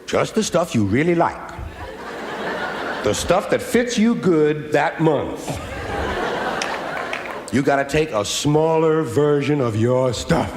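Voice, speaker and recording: A man's voice: on the high side, animated, takes it slowly, pauses often. A man doing observational stand-up comedy, riffing in repetitive, building phrases. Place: stage in a hall. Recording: echoey hall with clear ambient noise.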